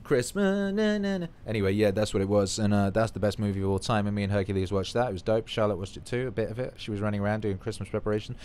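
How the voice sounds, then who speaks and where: Low-voiced man chatting on stream. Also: level tone, racing, few pauses, a little mellow, clear, resonant tone. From United Kingdom. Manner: rambling, profane, playful slang. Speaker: livestream host. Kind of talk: casual livestream chat reading viewer comments.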